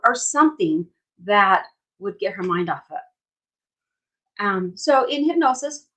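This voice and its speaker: A woman's voice: medium pitch, rough recording. A middle-aged woman, a hypnotherapist, talking casually on a home livestream and telling a story, often checking in with "right?". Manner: chatty, tells stories, asks "right?". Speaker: hypnotherapist and nutrition coach. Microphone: phone or webcam.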